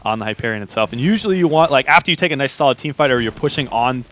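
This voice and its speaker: A man's voice: medium pitch, lively intonation, very fast, a bit bright. Chatty male esports color commentator. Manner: chatty, explains mechanics, teasing, laughs often. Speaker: esports co-caster.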